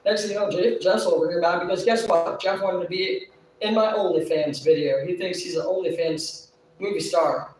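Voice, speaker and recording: This livestream features a woman with a lowish, darkish voice, distant from the mic in an echoey room. A little tipsy, she tells her story in a long, rapid, profane rant full of agitation.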